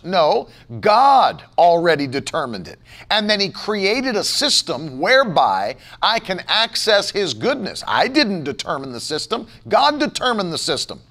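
A man's voice: high voice, big pitch swings, normal speed, bright, forceful tone. A man pastor preaching a sermon, emphatic and repetitive, firing off rhetorical questions.

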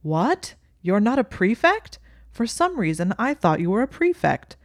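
A woman voicing a chatty, cheerful ghost of an old gentleman who talks too loudly. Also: mid-range voice, very animated, very slow, no room sound, clean studio sound, voice pushed up, full character voice. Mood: surprised. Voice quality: loud, hearty.

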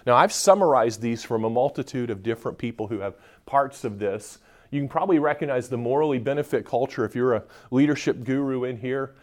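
A man's voice: medium pitch, a little fast, darkish tone. Joking man giving a conference talk. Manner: joking and interacting with the audience. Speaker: conference speaker. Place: conference room with a live audience.

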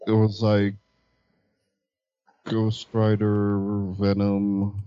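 A man's voice: lowish voice, completely flat delivery, extremely slow, warm tone, clear, resonant tone, no echo. A man on a casual movie podcast, stubborn and wry in his jabs. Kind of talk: casual chat about movies. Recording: dull lo-fi sound.

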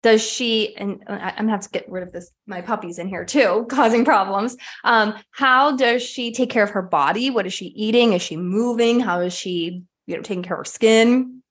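A woman gives a motivational podcast talk in a candid, energetic way, with the odd casual swear. Her pitch sits in an ordinary middle range for a woman. She is speaking from her home. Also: normal speed, hardly any pauses, husky. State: sweaty and a bit winded. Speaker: podcast host. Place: at home, puppy in the room.

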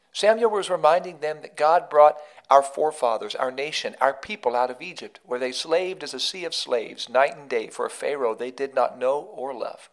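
A man hosting a devotional podcast, telling a story in an earnest, emphatic way that leans on repetition. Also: mid-range voice. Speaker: podcast host and devotional speaker.

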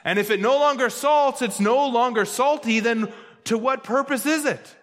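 A man's voice: very high-pitched, moderate pace, a bit bright. A male pastor preaching a sermon, stressing key words by repeating them. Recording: long hall reverb.

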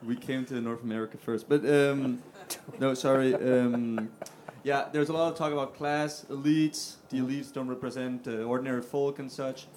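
A man's voice: mid-range voice, fairly even intonation, moderate pace, darkish tone. A man from Denmark stands in a lecture hall audience and asks his question into a handheld mic. He hesitates often, filling the gaps with "uh" and "um". Faint noise hangs in the room behind him. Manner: hesitant, many fillers. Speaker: audience member asking a question.

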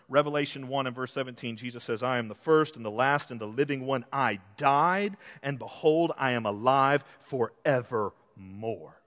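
A man preaching a sermon, swinging from hushed, slow passages to loud, emphatic build-ups. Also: medium pitch, in a large hall. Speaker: pastor.

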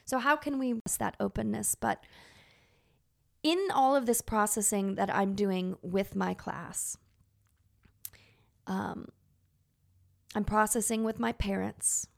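A woman's voice: medium pitch, slow, gravelly, long pauses. A woman in her thirties, a teacher, telling a personal story in an earnest, emotional way with many fillers.

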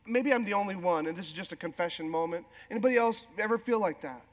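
A middle-aged male pastor preaching a sermon with animated, self-deprecating humor. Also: high voice, fast. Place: large church hall. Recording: long hall reverb.

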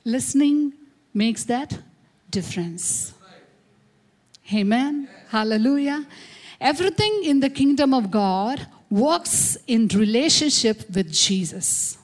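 Woman pastor, slow and emphatic sermon delivery with call-and-response, slightly high voice. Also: expressive. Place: church service.

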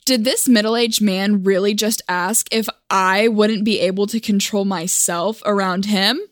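A woman's voice: mid-range voice, fairly even intonation, measured pace, no room sound, clean studio sound. A young woman from Oklahoma telling a personal story for a vlog in a wry, self-mocking, chatty way.

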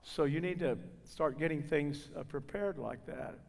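A man with a voice on the high side speaks unhurriedly, with vocal fry and a darkish tone. As a guest preacher in a reverberant church hall, he delivers a personal sermon testimony as a story, acting out the voices of the people he quotes.

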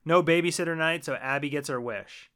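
A man co-hosting a podcast, recapping a film in casual, profane, animated chat. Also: on the high side, brisk. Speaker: podcast co-host.

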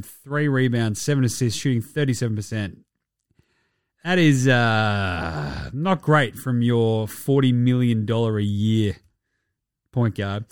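Hosting a casual sports podcast, a young Australian man with a medium-pitched voice jokes and swears his way through irreverent banter. The recording is dry and studio quality.

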